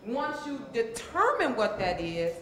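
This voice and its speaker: This transformational coach is very animated yet unhurried, her fairly high voice carrying a fairly bright tone. At her motivational seminar, she repeats phrases for emphasis and calls on the live audience to answer, all inside a very echoey hall.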